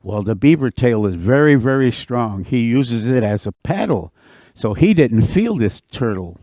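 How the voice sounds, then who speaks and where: A man telling a folktale aloud to an audience at a senior center, with animated, expressive delivery. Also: mid-range voice, unhurried, no echo, studio quality. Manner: animated, expressive, repeats for effect. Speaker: storyteller. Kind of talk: oral folktale storytelling.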